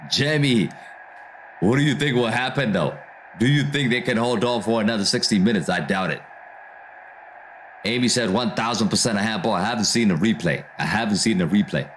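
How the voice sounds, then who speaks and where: A man with a voice on the low side talks briskly as a casual livestream host, background noise audible throughout. During a football watchalong, he reads and replies to viewer comments and calls out match action. His delivery is slangy, with "bro" sprinkled in.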